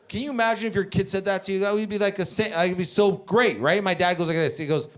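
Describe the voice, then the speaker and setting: Profane, animated male stand-up comic. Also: high-pitched, fast, few pauses. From Canada. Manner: profane, animated storytelling with crowd work. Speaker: stand-up comedian. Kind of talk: stand-up comedy. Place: comedy club stage with live audience.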